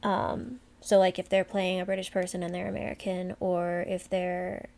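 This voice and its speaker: A woman's voice: fairly low pitch, little pitch movement, normal speed, vocal fry, a little mellow. A young woman co-hosting a podcast in casual chat, talking at length with many fillers and asides. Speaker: podcast co-host.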